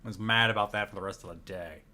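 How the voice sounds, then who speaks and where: A man's voice: lowish voice, fairly even intonation, quick pace, bright, forceful tone. A man co-hosting a casual chat, telling trip anecdotes over his own video footage with a chatty, laughing manner. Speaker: co-host.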